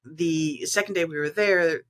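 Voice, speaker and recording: A woman, a company co-founder, guesting on an interview show and telling a casual anecdote with animated delivery and laughter. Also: low voice, unhurried. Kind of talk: casual storytelling.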